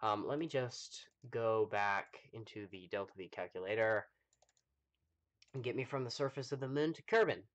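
Chatty man streaming a game. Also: medium pitch. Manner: chatty, thinks aloud, many ums, reads chat. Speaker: gaming livestreamer. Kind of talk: casual live gameplay commentary.

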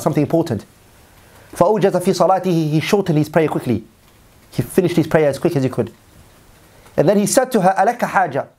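Male preacher, quick delivery, slightly high voice, reads Arabic then restates it in English. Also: a little mellow. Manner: reads Arabic text then translates, repeating lines. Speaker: Islamic teacher. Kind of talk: sermon storytelling.

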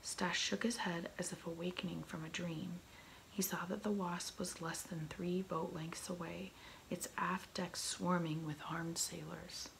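A woman reading a novel aloud in soft, slow whispered role-play, close to an ASMR microphone. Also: lowish voice, fairly even intonation, vocal fry, low-quality recording. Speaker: ASMR reader. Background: faint heater hum.

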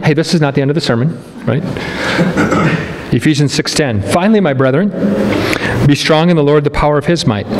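Pastor in an echoing church hall. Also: male voice, a little high, a little hiss or hum. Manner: conversational, joking asides to the congregation; reads scripture slowly and emphatically. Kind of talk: sermon. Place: church sanctuary.

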